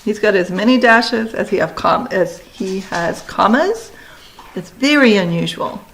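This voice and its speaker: A woman teacher giving a recorded lesson, talking students through steps in brisk, directive instructions. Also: mid-range voice, animated, creaky, fairly bright tone, a little hiss or hum, rough recording.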